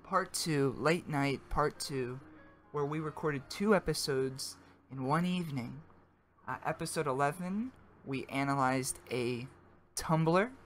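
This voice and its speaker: A man's voice: a little high, unhurried, fairly bright tone, soft background music. A man co-hosting a comedy podcast in casual chat, playful, tripping over words and laughing. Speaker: podcast co-host.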